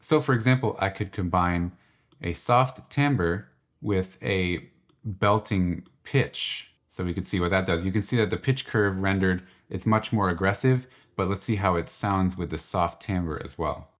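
Here a tutorial presenter walks through a music program one step at a time in an unhurried, low voice. As he clicks around, he muses aloud in a laid-back, exploring manner, the clip sounding like a screen recording.

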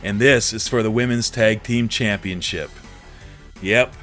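Man, gameplay streamer, mock wrestling announcer, unhurried delivery, faint game music underneath. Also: on the low side, fairly bright tone. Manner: theatrical, addresses viewers as folks, mock-emotional.

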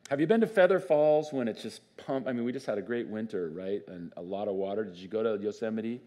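A man preaching a sermon as pastor in a church, conversational and animated, often asking the congregation questions. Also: lowish voice, fast talker. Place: church sanctuary.

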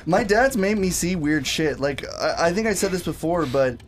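A man's voice: sits high, animated, normal speed. A young man telling a story in casual chat, rambling with lots of fillers and swearing. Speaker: podcast co-host.

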